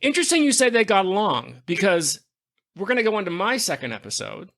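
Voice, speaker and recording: A man's voice: sits high, wildly swooping pitch, a little fast, gravelly, a bit bright. A man hosting a podcast in casual chat, an effusive storyteller who gushes with enthusiasm. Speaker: podcast host.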